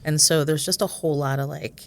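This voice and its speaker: A woman's voice: sits low, steady tone, fairly quick. Candid woman guest in casual chat. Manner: candid, self-deprecating. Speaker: podcast guest.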